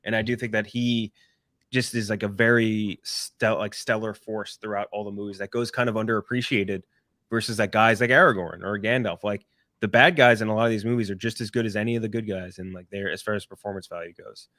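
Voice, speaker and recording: A man co-hosting a podcast, chatting casually about movies, animated, laughing as he tells anecdotes. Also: fairly low pitch, brisk, dry recording, clean studio sound. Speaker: podcast co-host.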